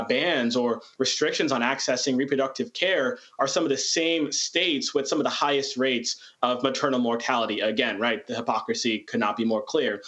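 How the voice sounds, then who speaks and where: A man's voice: mid-range voice, fairly bright tone. A man on a talk show panel asking the guest a long, earnest question.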